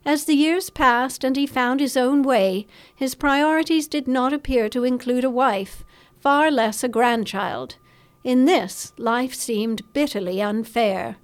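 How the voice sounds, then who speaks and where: A woman reading a suspense novel aloud in a measured, dramatic storytelling manner. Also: a little high. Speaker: audiobook narrator. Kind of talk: scripted novel narration.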